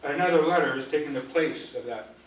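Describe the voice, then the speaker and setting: A man teaching an Ojibwe language class, patiently drilling syllables and repeating words slowly. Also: fairly high pitch. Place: library auditorium. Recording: echoey room, voice from a distance.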